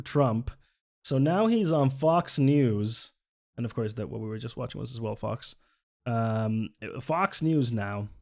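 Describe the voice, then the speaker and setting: A man's voice: medium pitch, a little mellow. Sarcastic man streaming commentary. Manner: sarcastic, exasperated, swearing, laughs often. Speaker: livestreamer. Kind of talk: casual live commentary.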